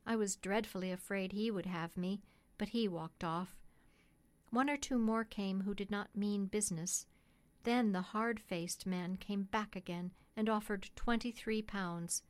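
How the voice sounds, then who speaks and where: Woman narrator for an audiobook, measured and gentle, mid-pitched. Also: fairly even intonation. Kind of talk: scripted storybook narration.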